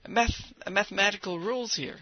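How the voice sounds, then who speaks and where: A man preaching a sermon, teasing the congregation with quick questions and answers. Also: high voice, highs cut off.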